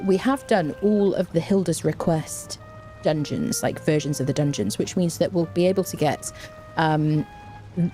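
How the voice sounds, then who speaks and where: Woman streamer, low and warm, casual live game talk with faint music behind. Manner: chatty and relaxed, many fillers and restarts. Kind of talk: live gameplay commentary, reading chat.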